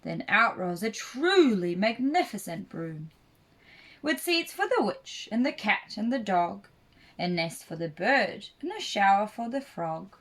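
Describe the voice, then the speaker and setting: A woman narrating a rhyming children's story for a puppet show, slow and expressive. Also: mid-range voice. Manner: slow, expressive read-aloud.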